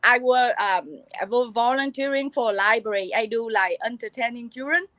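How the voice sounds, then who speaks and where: High-voiced woman, halting broken English. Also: fairly bright tone, dry recording, low-quality recording. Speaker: guest. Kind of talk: casual chat.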